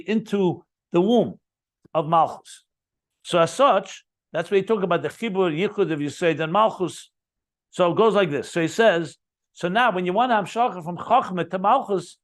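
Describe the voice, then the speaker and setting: A man teaching a Chassidic text, explaining it line by line, repeating key terms and adding enthusiastic asides. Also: sits high. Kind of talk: Talmudic-style text study lesson.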